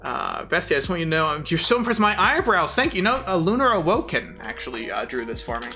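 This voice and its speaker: A man's voice: a little high, big pitch swings, fast, sharp tone, faint music behind. A man from the southern United States with a mild southern accent, chatting casually and rambling while streaming a game and reading chat aloud.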